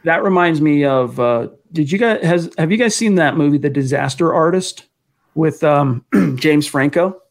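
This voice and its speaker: Chatty guy hosting a football podcast stream, voice a bit on the high side, reads out the chat. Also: normal speed, gravelly. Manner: chatty, answers fan questions, reads chat aloud. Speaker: podcast co-host. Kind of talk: casual sports talk livestream.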